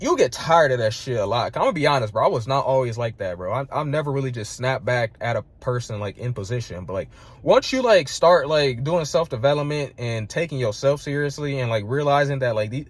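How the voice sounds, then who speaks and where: A man's voice: mid-range voice, dry recording. Heated young man ranting, dry sound. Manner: heated, profane, emphatic; fills speech with "like" and "bro". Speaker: vlogger. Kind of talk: casual storytelling rant.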